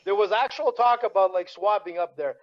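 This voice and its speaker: Man, podcast co-host, high voice, animated, lo-fi sound. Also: a little fast, a little hiss or hum. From Montreal, Canada. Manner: animated, peppers talk with "man". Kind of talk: casual podcast chat. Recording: dull lo-fi remote audio.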